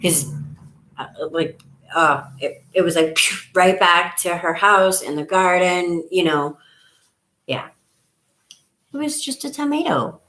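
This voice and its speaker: A woman's voice: on the low side, fairly even intonation, slow, pushed and bright. A middle-aged woman hosting a casual live stream from home, chatty and rambling, trailing off as she counts. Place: at home, camera on a table. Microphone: device camera on a table.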